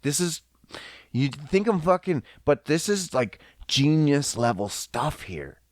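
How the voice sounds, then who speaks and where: A man hosting a podcast, delivering a casual comedic rant full of profanity in an animated, mocking way. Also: fairly high pitch, takes it slowly, no room sound, studio quality. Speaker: podcast host.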